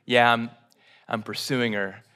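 A man's voice: mid-range voice, flat delivery, measured pace, bright, forceful tone, clear, resonant tone, voice pushed down. A man voicing an awkward young churchgoing man who talks about dating in a hesitant mumble. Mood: sheepish.

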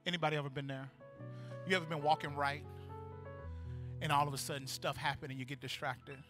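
A male pastor preaching a sermon, animated and building to loud, fervent praise, acting out voices from the story. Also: fairly high pitch, brisk, music in the background.

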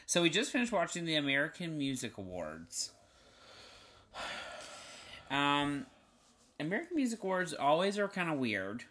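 A man's voice: a little high, huge pitch swings, moderate pace, pauses often, fairly bright tone, a little hiss or hum. A man with a Southern accent hosting a podcast, chatting casually and enthusiastically with lots of fillers. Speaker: podcast host. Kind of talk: casual chat.

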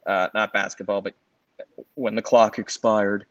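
A man's voice: fairly low pitch, measured pace, dry recording, dull audio. A man in his forties from the Los Angeles area, co-hosting a sports podcast in casual chat and telling long, rambling stories full of fillers. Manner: rambling, filler-heavy, animated storytelling. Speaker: podcast co-host.

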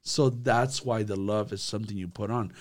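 A man leading a church youth group discussion, animated and repetitive, acting out quotes as he talks. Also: fairly low pitch, normal speed. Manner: animated, acts out quotes, repeats words. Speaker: youth leader.

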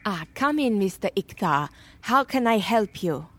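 A woman playing a brisk female reptile-person careers adviser in a comedy sketch, with a brusque, patronising manner. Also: medium pitch, sing-song, no room sound.

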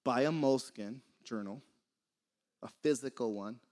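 This preacher, a young man, keeps his sermon loose and conversational, often laughing and occasionally drifting off his point. He speaks at a moderate pace in a mid-range voice with a darkish tone.

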